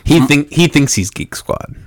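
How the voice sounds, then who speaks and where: A man's voice: fairly high pitch, animated, unhurried, dry recording, studio quality. A young man hosting a podcast in casual chat, laid-back, laughing often and swearing casually. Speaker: podcast host.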